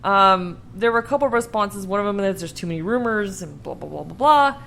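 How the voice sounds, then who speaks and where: A young woman chats on a podcast in a bright, lively tone, swearing and laughing at her own stories. She rambles in a casual way. A faint hiss of room noise sits under her voice. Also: medium pitch, a little fast, gravelly. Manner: laughing, profane, self-deprecating rambling. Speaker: podcast co-host.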